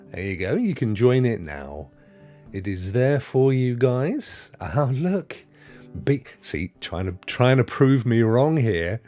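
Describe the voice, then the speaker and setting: A man's voice: lowish voice, darkish tone. A man hosting a casual live stream, chatting and greeting viewers by name with rambling asides. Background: faint Christmas music.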